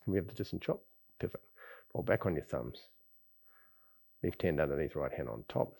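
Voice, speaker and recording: Man, qigong teacher, very low voice, husky, easygoing and rambling. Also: sing-song, moderate pace. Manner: easygoing, rambling, lots of sighs and soft chuckles. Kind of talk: relaxed spoken class talk. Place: lives in Bali.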